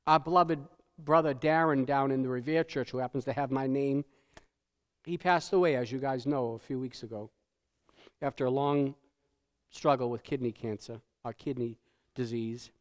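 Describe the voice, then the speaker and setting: A male pastor preaching a sermon in a conversational style, often asking "right?" and dropping to a hush for solemn points. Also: mid-range voice, steady tone, moderate pace. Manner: tag questions, repeats words. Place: church sanctuary. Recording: church hall with long reverb.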